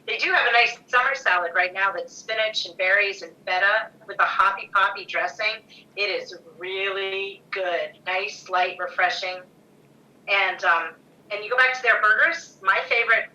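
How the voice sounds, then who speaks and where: Enthusiastic female guest, very bright tone, slightly distant from the mic. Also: medium pitch, moderate pace, dull audio. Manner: enthusiastic, laughs often. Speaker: guest, co-owner's wife. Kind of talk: casual chat. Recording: a bit off-mic.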